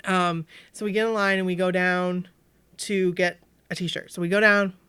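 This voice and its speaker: A woman's voice: on the low side, normal speed, clear, resonant tone, dry recording. A woman from Maine co-hosting a podcast, telling a long story in casual chat and acting out the voices of the people in it. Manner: animated storytelling with bright acted-out quotes. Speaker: podcast co-host.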